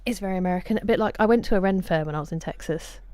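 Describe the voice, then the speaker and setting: A woman streamer talks casually to her viewers, greeting them by name and answering their messages one after another. Her voice sits a little low and sounds mellow and relaxed. The sound is close and dry, from a desk microphone in a room at home. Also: rapid-fire, no room sound. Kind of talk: casual live-stream chat.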